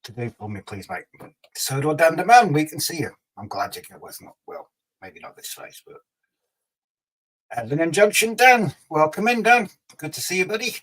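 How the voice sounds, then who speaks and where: A Scottish man hosts a casual livestream, reading viewer comments aloud and teasing them in a chatty way. His voice sits on the high side with a fairly bright tone, and the recording quality is low.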